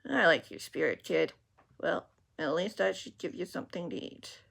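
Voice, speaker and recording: A woman voicing a soft-spoken, gentle man in black who coaxes a lost boy, reading a storybook aloud. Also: lowish voice, normal speed, vocal fry, husky, exaggerated voice. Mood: coaxing. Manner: calm, coaxing, quietly spoken.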